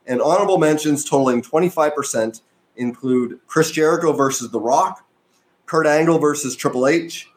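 A man co-hosting a casual show, reading out poll results in a steady, matter-of-fact way. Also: on the high side, fairly quick. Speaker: podcast co-host.

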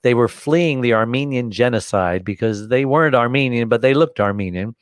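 An older American man telling a long story in a casual, animated way, jumping into different voices to act out the people in it. His voice sits at an everyday middle pitch. The recording is close and completely dry. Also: moderate pace, dry recording. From United States. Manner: animated, acts out dialogue in voices. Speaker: guest.

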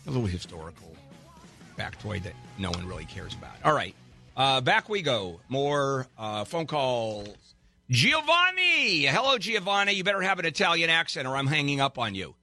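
A man's voice: mid-range voice, animated, normal speed, pushed and bright, soft background music. A man hosting a call-in legal advice radio show, brash and teasing, giving callers blunt advice with wisecracks.

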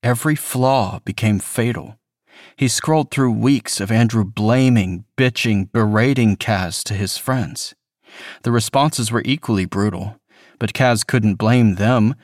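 A man reading a horror story as scripted narration, measured and even. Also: on the low side, no room sound, clean studio sound. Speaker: reader.

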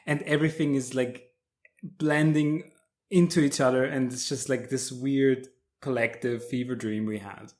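A man on a podcast, chatting casually about a film and telling the story in an animated, amused way with many restarts. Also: mid-range voice, normal speed. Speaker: podcast guest discussing films.

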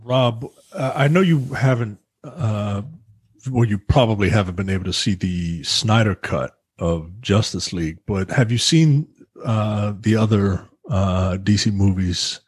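A man co-hosting a podcast in casual chat, halting and full of restarts. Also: on the low side, breathy edge, no room sound. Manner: halting, many restarts and fillers. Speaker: podcast co-host.

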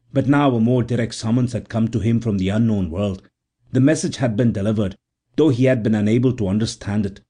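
A man reading a novel aloud as narrator in a measured, unhurried way. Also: lowish voice, mellow. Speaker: audiobook narrator. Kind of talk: scripted narration.

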